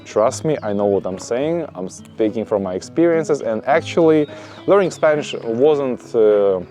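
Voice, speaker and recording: Vlog host, male, mid pitch, upbeat and emphatic, asks his viewers rhetorical questions. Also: lively intonation, unhurried. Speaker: vlogger. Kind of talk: casual vlog monologue. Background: soft guitar music.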